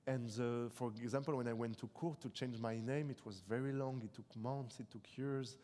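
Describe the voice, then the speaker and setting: A young man from France, a native French speaker talking in English, giving a live stage interview in a debate hall, reflective and halting, often restarting his sentences. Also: medium pitch, steady tone, warm tone. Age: 20s. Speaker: author being interviewed. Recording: reverberant hall.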